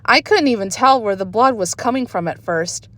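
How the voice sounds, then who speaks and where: A woman's voice: medium pitch, normal speed. A woman reading a children's book aloud expressively, recorded on a phone. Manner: expressive storytelling. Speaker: reader.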